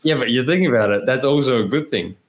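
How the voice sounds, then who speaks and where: A man's voice: medium pitch, quick pace. An Australian man in his thirties, a guest on a podcast, telling stories candidly, swearing freely and laughing often. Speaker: guest, pro cyclist. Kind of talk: casual podcast chat.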